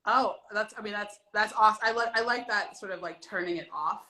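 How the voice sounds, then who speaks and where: A woman's voice: mid-range voice, a little fast, sharp tone, roomy sound, poor audio. A woman who created the show, interviewing an actress, thoughtful and restarting her sentences as she goes. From United States. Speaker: showrunner, interviewer. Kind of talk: interview conversation.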